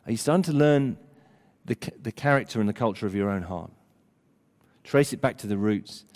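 A man's voice: fairly low pitch, a little fast. Older man preaching in a reverberant hall. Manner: animated, emphatic preaching with dramatic drops to near-whisper. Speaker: pastor. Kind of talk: sermon.

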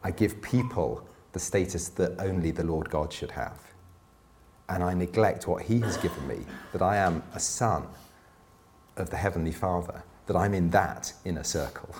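A middle-aged man preaching a sermon in a conversational, self-deprecating way, with quick asides. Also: low voice, darkish tone, a little hiss or hum.

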